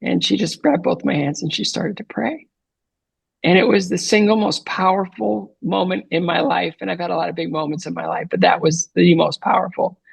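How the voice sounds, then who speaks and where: Male podcast guest, 50s, earnest storyteller, gravelly, dry close mic. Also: high voice, normal speed, no echo. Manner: earnest, animated retelling with frequent fillers. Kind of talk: storytelling interview answer.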